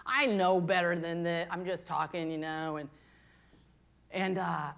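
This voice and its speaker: A woman in her fifties, a pastor preaching a candid, confessional sermon, moving between hushed and impassioned. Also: lowish voice, measured pace, creaky. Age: 50s.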